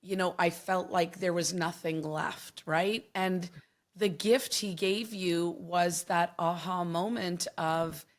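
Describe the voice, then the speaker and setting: A woman's voice: fairly low pitch, steady tone, takes it slowly. A woman hosting a podcast interview, effusive and emotionally responsive in conversation. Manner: warm, effusive, emotional reactions. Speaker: podcast host.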